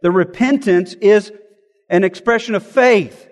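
A man's voice: sits high, measured pace, big-room sound. A man, a pastor, preaching a sermon in an earnest, emphatic way, often asking rhetorical questions.

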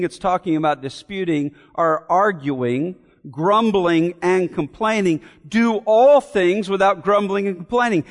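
High-voiced preaching man, reverberant hall. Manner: earnest, repeats key phrases, asks rhetorical questions. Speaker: pastor. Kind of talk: expository sermon.

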